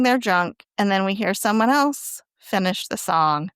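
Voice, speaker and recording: A woman's voice: medium pitch, measured pace, clean tone, no room sound, clean studio sound. A woman co-hosting a podcast, casually retelling an episode's plot and acting out the characters' lines. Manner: animated retelling with quoted lines. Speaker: podcast co-host recapping an episode. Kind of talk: casual recap chat.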